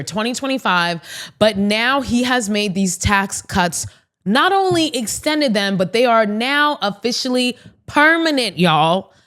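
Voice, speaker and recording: A woman's voice: fairly high pitch, a bit bright. A woman hosting a podcast of casual political commentary, blunt and outspoken, swearing freely and talking straight to her listeners. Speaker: podcast host.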